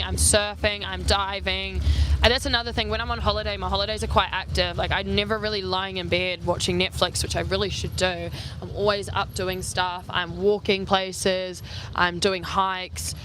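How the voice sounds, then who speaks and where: A young travel vlogger from New Zealand talks through viewer questions in a loose, rambling way. Her pitch sits in the middle for a woman, and she fills her sentences with "like" and quick asides. A faint hum of outdoor noise runs under her voice. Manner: chatty, heavy use of "like", quick asides. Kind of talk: casual Q&A chat. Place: outdoors on an island.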